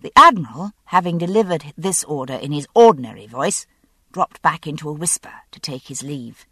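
Woman audiobook narrator, low voice, dry close recording, wry and expressive. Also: normal speed, breathy edge, dry recording. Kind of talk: first-person novel narration.

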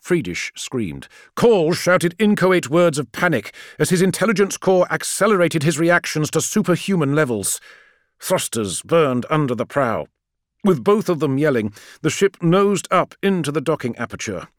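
A man reading a science-fiction audiobook as narrator, with measured, expressive storytelling. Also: on the high side, no room sound, studio quality.

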